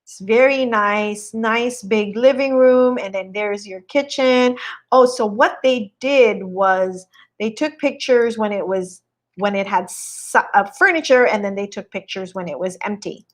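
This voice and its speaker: A woman's voice: mid-range voice, a little slow. A woman host on a casual live stream, walking viewers through a home listing in a chatty, admiring way and greeting viewers as she goes. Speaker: real estate agent hosting a live stream.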